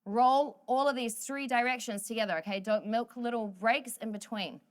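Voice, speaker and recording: A woman's voice: a little high, normal speed. A woman leading a workout class, cheering people on, cracking jokes and counting down the final seconds of each set. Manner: upbeat, joking, counts down reps. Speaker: fitness instructor. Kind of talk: energetic workout coaching.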